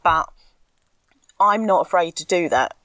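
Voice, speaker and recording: A young woman with a notably low voice, recorded close and dry. She chats on a podcast in a candid, animated way, laughing easily and sometimes getting ranty about things she cares about. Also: unhurried, no echo. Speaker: podcast co-host, school anti-racism educator. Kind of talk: casual podcast chat.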